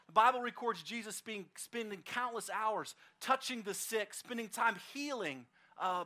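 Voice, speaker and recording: A pastor preaching a conversational sermon, telling a story in a casual, animated way with frequent fillers. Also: male voice, high-pitched. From Oklahoma, United States.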